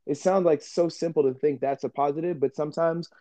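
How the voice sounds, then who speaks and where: A man hosting a casual podcast chat, talking in an animated way, laughing often and acting out remembered conversations. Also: fairly high pitch, a little fast, no echo. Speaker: podcast host.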